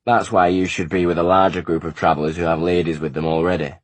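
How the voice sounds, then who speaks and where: A man's voice: low-pitched, fairly even intonation, quick pace, dry recording. A man voicing a stern, disapproving male monk who speaks unkindly.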